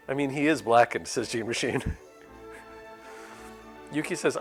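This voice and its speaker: Animated high-voiced man streaming a game. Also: unhurried, long pauses. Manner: animated mock-exasperated fatherly role-play with chat. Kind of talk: casual live-stream gameplay chat. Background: faint game music.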